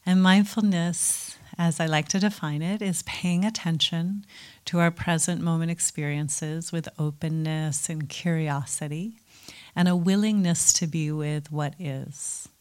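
A woman teaching mindfulness and guiding a meditation in a gentle, soothing, unhurried way. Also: sits low, fairly even intonation, smooth. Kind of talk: guided meditation talk.

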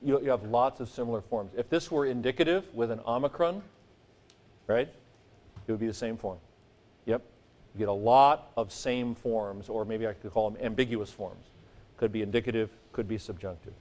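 A man's voice: on the low side, normal speed. Joking man teaching in class. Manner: joking, animated, sings vowel sounds. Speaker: Greek teacher. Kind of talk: classroom lecture.

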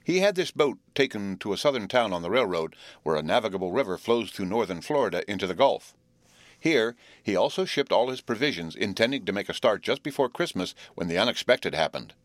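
A man narrating an audiobook in a measured storytelling manner. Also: on the low side, sing-song, no room sound.

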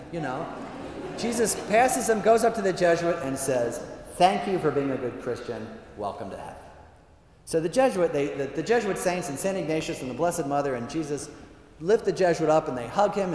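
A male priest in a big hall tells jokes in a chatty, animated style with plenty of fillers. His voice sits a bit high, and it rings with a long hall reverb over faint background ambience. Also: a little hiss or hum. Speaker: priest speaker. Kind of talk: humorous talk with jokes.

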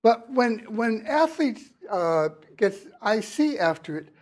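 A man giving a university lecture in class, talking in a halting way with many restarts and fillers. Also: high voice, sing-song, a little mellow. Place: lecture hall.

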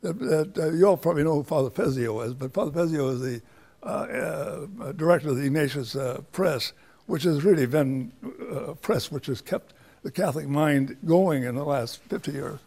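Older man, gravelly and husky, rambling. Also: on the high side, moderate pace, a little mellow. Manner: rambling, anecdotal, many restarts. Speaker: professor speaking to students. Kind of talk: informal lecture answering a question.

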